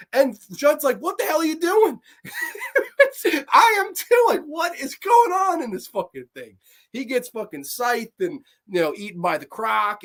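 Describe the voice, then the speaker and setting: A horror movie show host giving a casual, profane review, rambling with restarts and swinging between low mutters and high excited outbursts. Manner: rambling, with frequent restarts and "like" asides.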